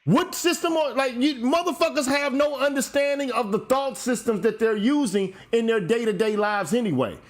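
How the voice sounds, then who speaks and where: A man's voice: very high voice, moderate pace, few pauses. A man hosting a show, delivering a heated, profane monologue and lecturing emphatically. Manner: lecturing, emphatic, swears often. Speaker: show host.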